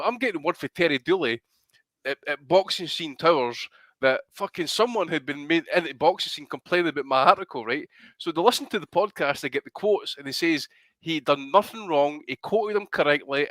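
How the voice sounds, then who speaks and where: Male podcast co-host, bright tense voice, a bit high, salty anecdotes over a dry mic. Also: a little fast, dry recording. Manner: animated, profane storyteller. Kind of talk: casual chat.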